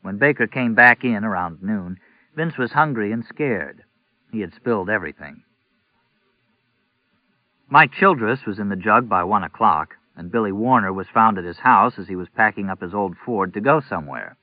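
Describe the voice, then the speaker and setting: A man narrating a novel in a measured, even reading. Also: on the low side, dry recording. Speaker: audiobook narrator. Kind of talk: scripted narration. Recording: tinny narrow-band audio, dry.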